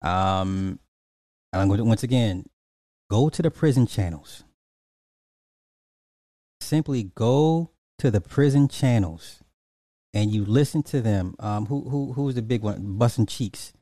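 Dark-voiced man doing reaction commentary. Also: lowish voice, slow pace, pauses often, no room sound, clean studio sound. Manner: emphatic, repeats points, many fillers and restarts.

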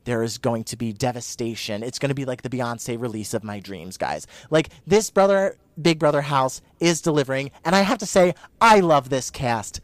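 An excitable man co-hosting a casual podcast, gushing along with quick asides. His voice sits at a middle pitch and sounds dry and close to the mic. He sounds warm and a little out of breath. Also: no echo. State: hot and short of breath. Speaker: podcast co-host. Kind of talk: casual chat.

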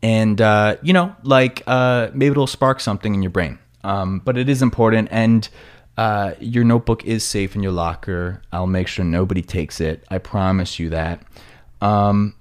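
A man's voice: fairly low pitch, fairly even intonation, moderate pace, clear, resonant tone. A man with a New York accent hosting a casual solo podcast, rambling along with plenty of fillers and self-corrections. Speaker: podcast host.

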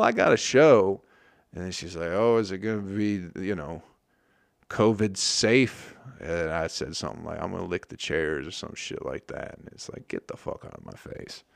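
Gravelly low-voiced man, rambling. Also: no echo, clean studio sound. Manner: rambling, heavy swearing. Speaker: stand-up comedian and podcast host. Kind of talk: casual podcast monologue.

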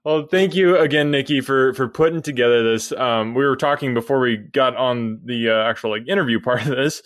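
A man hosting a podcast, asking questions in a relaxed, friendly way and laughing easily. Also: mid-range voice, brisk, no echo, clean studio sound. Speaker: podcast host. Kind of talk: casual interview chat.

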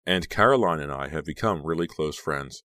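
A man reading an audiobook, voicing a teenage girl singer in an earnest, lively way with rising intonation. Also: rumbling low, moderate pace, no room sound, clean studio sound, heavily acted. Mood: cheerful.

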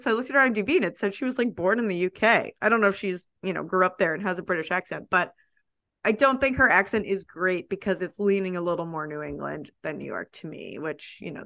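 A woman's voice: medium pitch, vocal fry, fairly bright tone. A woman in her thirties co-hosting a podcast, rambling in casual chat with lots of "like" and asides. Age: 30s. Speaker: podcast co-host.

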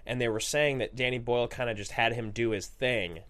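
A man's voice: mid-range voice, brisk. A man co-hosting a casual movie podcast, talking in a rambling, restarting way. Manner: lively, rambling, full of restarts. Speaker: podcast co-host.

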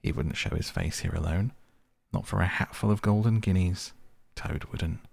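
A good-natured male water rat from a bedtime storybook, steady and reassuring, as a male narrator puts him on. The voice sits low with heavy gravel and a husky edge. He talks in a calm, hearty way to comfort a frightened friend. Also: moderate pace, no echo, exaggerated voice. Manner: soothing, cheerful and reassuring.

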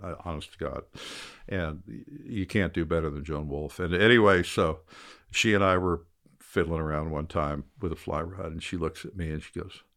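A man's voice: sits low, moderate pace, fairly bright tone. An older man, a fly fisherman, telling rambling, self-mocking anecdotes in a casual interview. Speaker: guest.

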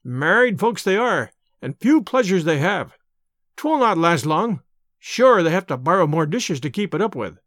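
An easygoing policeman put on by a storybook narrator muses in a slow, folksy brogue, his voice rising and falling lively. The sound is close and dry. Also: high voice, no room sound. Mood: musing. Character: Irish beat cop, lazy and easygoing.

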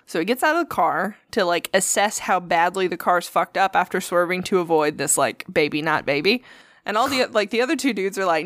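A woman's voice: medium pitch, expressive, normal speed, fairly bright tone, no echo, studio quality. A woman co-hosting a podcast, telling a story in casual, profane chat and acting out the quotes. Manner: profane, chatty, acts out quotes. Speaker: podcast co-host.

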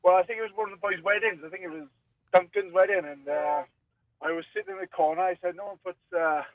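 A man's voice: high-pitched, fast talker, dry recording, far from the mic, narrow, tinny audio. A man, a rugby player joining by phone as a guest, chatting easily and laughing often. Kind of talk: casual phone interview.

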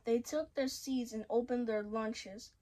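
A woman's voice: on the high side, fairly even intonation, warm tone, rough recording. A woman reading a children's story aloud, stumbling and restarting words as she goes. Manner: halting, frequent restarts and self-corrections. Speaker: story reader.

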